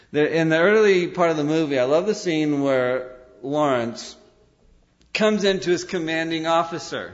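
A man preaching a sermon, telling stories and acting out quotes in an animated way. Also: fairly high pitch. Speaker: pastor. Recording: dull lo-fi sermon recording.

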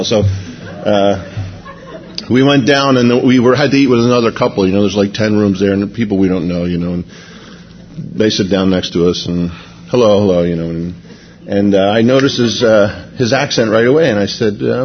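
A man's voice: fairly low pitch, normal speed, dull audio, slight background noise. A man preaching by telling a rambling personal story, casual and full of "you know" and restarts. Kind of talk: anecdotal sermon storytelling.

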